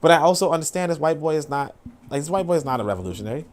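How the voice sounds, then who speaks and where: A man's voice: a little high, expressive, racing. A man hosting a podcast, ranting in casual, profane commentary with lots of fillers as he reacts to posts. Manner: profane, rambling rant with many fillers. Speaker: podcast host.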